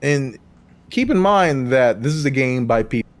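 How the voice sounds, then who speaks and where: Animated man chatting about games. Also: medium pitch, normal speed. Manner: animated, laughs often, loud quoted outbursts. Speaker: podcast co-host. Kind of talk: casual game talk.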